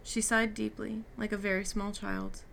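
A woman's voice: medium pitch, flat delivery, normal speed, vocal fry, fairly bright tone, a little hiss or hum. A woman reading a novel aloud, giving the characters' lines light shifts. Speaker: reader. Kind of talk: audiobook reading with character dialogue.

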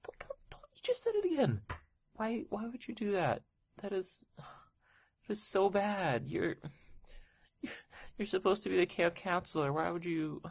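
A woman's voice: low voice, gravelly, slightly rough. A young woman in a solo audio role-play, speaking in a hesitant, stammering, pleading way and often dropping to a whisper.

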